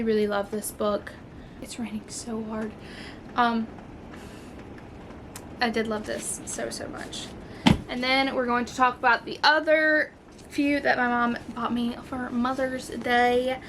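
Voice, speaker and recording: Woman vlogger, gushing and excitable, voice on the high side, loose and chatty with fillers. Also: a little hiss or hum. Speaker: book vlogger. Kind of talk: casual chat.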